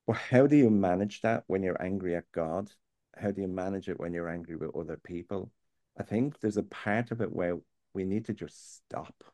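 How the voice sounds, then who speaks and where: A man's voice: deep voice, dark tone, no room sound, clean studio sound. A man, talking earnestly and plainly as a guest on a faith topic, sometimes digressing. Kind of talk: candid conversational chat.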